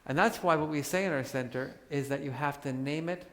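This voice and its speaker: A man giving a live talk to an audience, animated and joking as he acts out examples. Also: on the high side, a little fast, slight background noise. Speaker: workshop speaker. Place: large hall with audience. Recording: hall reverb.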